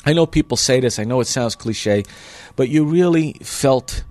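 A man, a chef, telling stories as a podcast guest, animated and often laughing. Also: medium pitch, moderate pace, no room sound. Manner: animated, acts out the people in his stories. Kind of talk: storytelling in a podcast interview.

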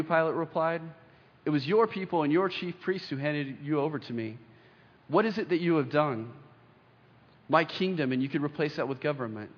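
A young man preaches with earnest weight, leaning into pauses as he reads scripture aloud. His voice sits a little high for a man. The recording is dull and lo-fi, and each phrase trails off into the long reverb of a big hall. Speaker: pastor. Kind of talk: sermon.

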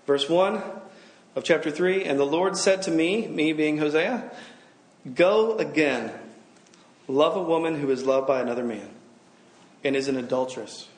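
A man's voice: fairly high pitch, normal speed, reverberant. A middle-aged man giving a sermon to a gathered audience, talking casually, joking and asking the room questions. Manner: conversational, humorous, asks the room questions. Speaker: campus minister.

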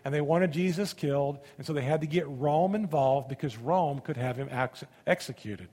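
A man preaching a sermon, reading scripture aloud and commenting on it, swinging between loud emphasis and hushed asides. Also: on the high side, moderate pace, in a large hall.

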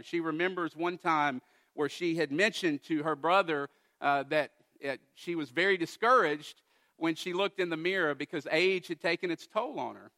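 Bright-voiced male preacher. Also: a little high. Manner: earnest, builds to emphatic exhortation. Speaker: pastor. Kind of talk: sermon.

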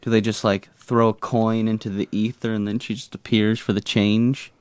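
A man's voice: on the low side, little pitch movement, normal speed, clear, resonant tone, dry recording. A man co-hosting a podcast, recapping a TV episode in casual chat with jokey, rambling asides. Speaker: podcast co-host.

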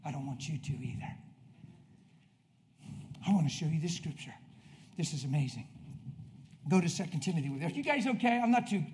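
A man preaching a passionate sermon in a church, swinging from shouted bursts to quiet, confiding asides. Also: on the high side, expressive, fairly quick, long pauses.

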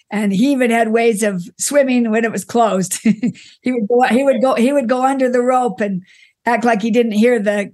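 A middle-aged woman, an interview guest, fondly telling stories about her father, often restarting her sentences and laughing softly. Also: fairly high pitch. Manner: warm reminiscing with frequent restarts and soft laughs. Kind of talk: conversational storytelling.

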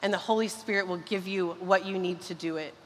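A woman's voice: fairly low pitch, fairly even intonation, a little hiss or hum. Fervent woman preaching in a reverberant hall. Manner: earnest, fervent, with quick bursts. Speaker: pastor. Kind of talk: sermon and closing prayer. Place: large church hall. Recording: long reverb of a church hall.

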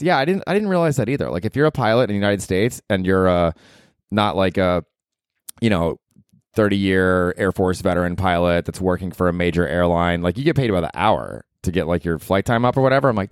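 A man's voice: sits low, animated, brisk, smooth, no echo, clean studio sound. A comedian in his forties hosting a casual solo podcast from his apartment, rambling, swearing freely and poking fun at himself. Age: 40s. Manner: rambling, profane, self-deprecating.

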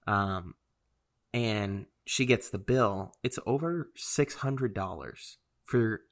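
A man with a fairly low voice tells a loose, meandering story on a casual chat show. He fills pauses with ums and uhs, repeats himself, and often chuckles as he talks. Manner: rambling storyteller, many fillers, chuckles often.

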